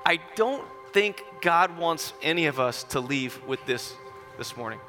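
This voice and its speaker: Bright-voiced man preaching a sermon. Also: a little high, lively intonation, unhurried, soft background music. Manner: storytelling with dramatic hushed drops and rising emphasis. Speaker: pastor. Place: church.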